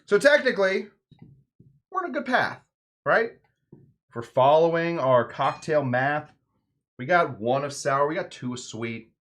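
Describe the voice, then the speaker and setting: A man's voice: mid-range voice, a bit bright. A man hosting a home cocktail show, chatting casually and joking around while he mixes a drink. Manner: playful, jokey, rambling asides.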